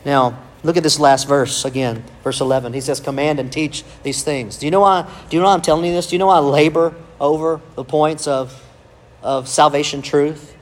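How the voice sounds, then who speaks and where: A man's voice: on the high side, steady tone, brisk. A male pastor, preaching a sermon with emphatic rhetorical questions and calls of amen.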